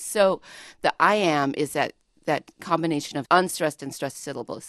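Casting: low-pitched woman, poet guest in a dry radio studio, eager and expressive. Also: a little fast, dry recording. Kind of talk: radio interview.

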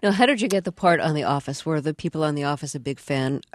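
A woman with a fairly low voice leads the interview, curious and quick to laugh along. Her questions come through a dry, close mic with no room sound. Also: lively intonation, no echo. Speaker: interview host. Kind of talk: radio interview.

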